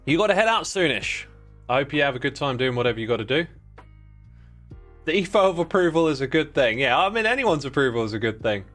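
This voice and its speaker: A man's voice: fairly high pitch, very animated, quick pace, fairly bright tone, soft background music. A man in his thirties chatting casually on a game livestream, easygoing and rambling, reading out viewer names and messages. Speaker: livestreaming gamer.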